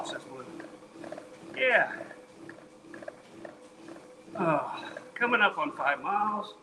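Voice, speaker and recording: A man with a fairly high voice talks casually on a live stream while walking on a treadmill. He sounds tired and sweaty, reads viewers' messages aloud and banters between workout numbers. A steady background noise runs under his voice. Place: home, on a treadmill.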